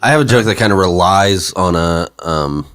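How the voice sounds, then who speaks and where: Low-voiced joking co-host. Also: male voice, lively intonation, normal speed, fairly bright tone, smooth, no echo, studio quality. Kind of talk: casual chat.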